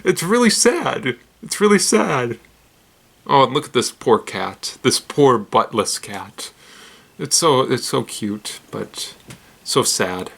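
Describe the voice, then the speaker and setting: A man hosts a casual roundup of odd news stories at an ordinary mid pitch. He rambles, fumbles names and restarts his sentences. He giggles at his own lines and makes fun of himself. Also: expressive, slow, vocal fry, fairly bright tone, breathy edge. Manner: rambling, giggly, self-deprecating. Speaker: host.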